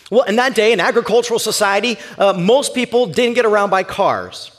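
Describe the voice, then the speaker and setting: A male pastor preaches with an animated, emphatic storytelling delivery. His voice sits fairly high and swings widely. Long hall reverb trails every phrase. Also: brisk. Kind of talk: sermon.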